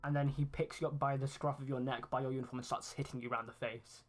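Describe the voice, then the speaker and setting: A woman narrating a tense scene as game master of a tabletop role-play game, in a slow, low-key way. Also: fairly even intonation, darkish tone.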